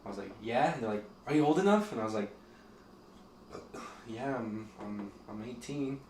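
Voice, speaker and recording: A man's voice: mid-range voice, animated, normal speed, a little mellow, a little hiss or hum. A young man co-hosting a podcast, joking and telling stories in casual chat. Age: young adult. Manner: joking storyteller. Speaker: podcast co-host. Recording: echoey room, distant mic.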